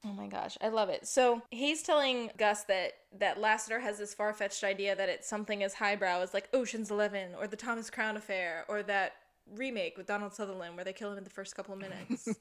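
A woman's voice: medium pitch, fairly even intonation, brisk. A woman co-hosting a TV recap podcast in casual chat, animatedly quoting characters and laughing often. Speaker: podcast co-host.

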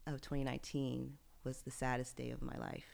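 A woman co-hosting a podcast, telling a personal story in an animated, laughing way that sinks to a near whisper on the sad parts. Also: very deep voice, brisk, vocal fry. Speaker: podcast co-host.

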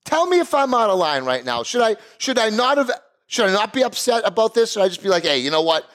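Very animated and quick-paced, a middle-aged barbecue business owner with Italian heritage co-hosts a podcast and recounts a heated story in a high, fairly bright voice. He plays out both sides of the conversation in his rant.

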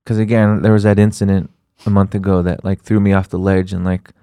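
A man's voice: sits low, little pitch movement, brisk, mellow, smooth, no echo. A man co-hosting a podcast, talking things over in a laid-back, reflective casual chat. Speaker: podcast co-host.

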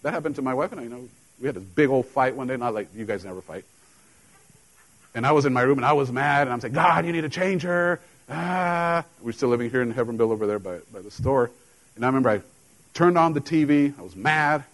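A man's voice: medium pitch, expressive, fast talker, low-quality recording. Man preaching a casual sermon. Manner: conversational preaching, jokes and laughs with the congregation. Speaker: pastor. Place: church.

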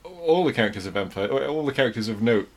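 A man, co-hosting a casual film discussion, measured and thoughtful, hedging his points. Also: medium pitch, expressive. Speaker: podcast co-host.

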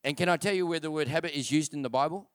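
A man preaching in church with a smooth, resonant voice set a little above the usual male range. He hammers key phrases twice and challenges his listeners with direct questions. The sound is close and dry, with hardly any room around it. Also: fairly high pitch, racing, no room sound. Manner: emphatic preaching, repeats key phrases for stress; rhetorical questions with calls to the congregation. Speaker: pastor. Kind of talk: sermon.

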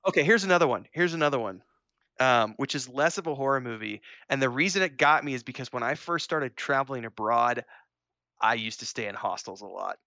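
A man telling stories in a chat, emphatic and swearing freely. His voice is gravelly with a bright, forceful edge. The sound is dry and close. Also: mid-range voice, a little fast, dry recording. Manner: storytelling, profane, emphatic. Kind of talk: casual chat.

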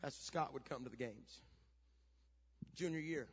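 A middle-aged pastor telling a family story in a sermon, building from quiet storytelling to shouted preaching. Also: male voice, mid-range voice, normal speed, breathy edge. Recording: dull lo-fi sound.

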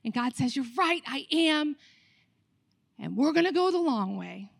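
A woman pastor preaching a sermon, telling the story with animated acted-out voices of the people. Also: high-pitched, measured pace, vocal fry, no echo, studio quality.

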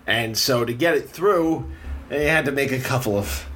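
A young man hosting a casual chat, telling a story in an animated way with frequent laughter. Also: medium pitch, moderate pace, a little hiss or hum.

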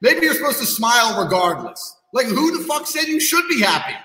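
A man's voice: very high-pitched, very animated, fairly quick, bright, forceful tone. A man ranting bluntly on a podcast, brash and profane, bragging about himself. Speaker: guest, kickboxing champion. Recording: echoey room with long reverb.

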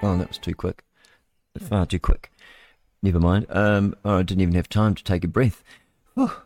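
A man's voice: low-pitched, steady tone, moderate pace, darkish tone, soft background music. A man with a New Zealand accent hosting live radio news, reading headlines in a chatty, rambling way with asides and tag questions to listeners.

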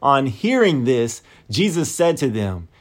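Man preaching slow, deliberate sermon. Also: mid-range voice, sing-song. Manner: slow, deliberate, repeats phrases for emphasis.

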